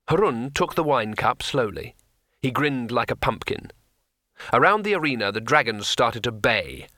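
Man reading a fantasy audiobook, bright forceful voice, super dry close mic. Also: mid-range voice, lively intonation, normal speed, no echo. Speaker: narrator.

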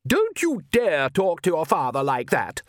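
A man reading an audiobook, voicing a haughty vampire noblewoman who scolds in a shrill tone. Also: very animated, moderate pace, no echo, studio quality. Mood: screaming.

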